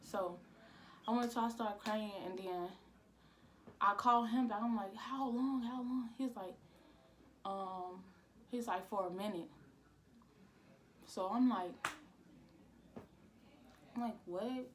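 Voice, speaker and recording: A woman's voice: mid-range voice, steady tone, slow, pauses often, a bit bright, a little hiss or hum. A young woman vlogger telling a casual storytime. She rambles, repeats "I'm like" and uses a lot of slang.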